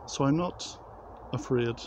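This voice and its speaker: A man's voice: mid-range voice, noisy background. A man giving a devotional talk to children in a reflective way. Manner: slow, reflective.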